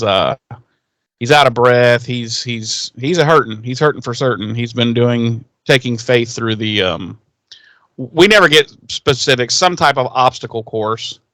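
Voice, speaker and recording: A man's voice: mid-range voice, fairly bright tone, no echo. A man co-hosting a podcast, casually recapping an episode in a rambling way, with plenty of fillers and restarts and the odd curse word. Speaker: podcast co-host.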